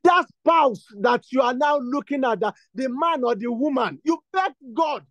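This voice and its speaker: High-voiced man leading fervent prayer. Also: animated, a little slow, fairly bright tone, no echo. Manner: repetitive, insistent, builds to fervent bursts. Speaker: prayer leader. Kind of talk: exhortation and spoken prayer.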